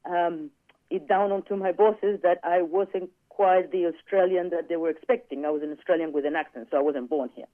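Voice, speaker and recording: A man with a high voice tells a personal story in casual chat and animatedly acts out the quoted dialogue. The sound is dry, thin and phone-like. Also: steady tone, brisk, dry recording. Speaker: guest.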